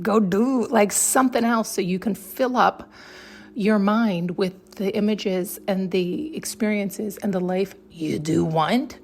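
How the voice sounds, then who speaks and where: A woman's voice: mid-range voice, vocal fry, a little mellow, a little hiss or hum. A woman hosting a podcast, talking casually and emphatically about self-growth, swearing freely and often asking rhetorical questions. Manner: blunt and heavy on profanity, with frequent laughs. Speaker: podcast host. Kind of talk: casual spiritual monologue.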